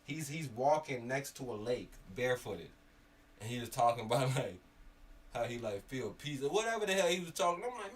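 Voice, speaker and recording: A man from Miami telling stories in casual chat, animated and swearing, getting loud when worked up. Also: medium pitch, a little fast. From Miami area. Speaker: podcast co-host. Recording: slightly distant mic, faint background noise.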